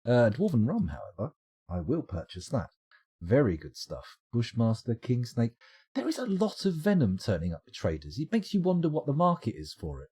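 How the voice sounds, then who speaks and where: A man's voice: mid-range voice, huge pitch swings, moderate pace, dark tone, husky. A man casually commenting on his game during a live stream, joking, rambling and reading out chat messages. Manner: jokey, rambling, reads chat aloud.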